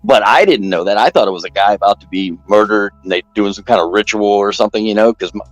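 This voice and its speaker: A man telling a long story in casual chat, rambling and animated, jumping up in pitch when he quotes people. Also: quick pace, no room sound, faint music behind, low-quality recording.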